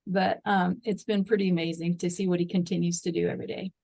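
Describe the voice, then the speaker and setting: A woman's voice: fairly low pitch, little pitch movement, fast talker, creaky, warm tone, poor audio. A middle-aged woman, a podcast guest, telling a heartfelt personal story of loss and faith in an earnest way, reading scripture aloud with feeling.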